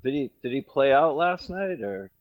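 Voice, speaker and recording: A man's voice: medium pitch, lively intonation, moderate pace, highs cut off. A middle-aged man from Rhode Island co-hosting a podcast, chatting casually, joking and rambling, laughing often. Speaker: podcast co-host. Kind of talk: casual chat.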